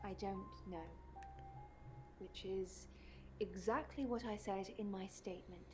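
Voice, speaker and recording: A guarded woman, voiced by an actress in a video game, weary and defensive under questioning. Music plays clearly beneath her lines. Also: medium pitch, measured pace, close to an everyday voice.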